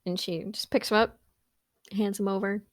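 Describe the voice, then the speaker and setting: A woman's voice: medium pitch, steady tone, normal speed, no echo, studio quality. A woman player casually describing her character's actions, a little hesitant.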